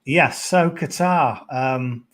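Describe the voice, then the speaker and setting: A man's voice: mid-range voice, very slow, a bit bright, slight background noise. A man chatting casually as a golf betting pundit on a podcast, rambling and hesitant, with plenty of "sort of" and "yeah".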